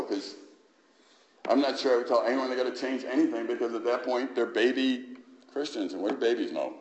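A middle-aged man with a low voice gives a sermon in a reverberant church. He keeps it conversational, then climbs sharply in pitch and volume to drive home his points. The room's echo hangs on every line. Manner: conversational preaching that swells to loud, high emphasis. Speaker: pastor.

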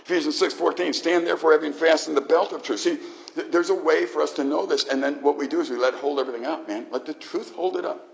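A man's voice: a little high, quick pace, gravelly, dull audio. A male pastor preaching a sermon in an emphatic, conversational way with frequent restarts.

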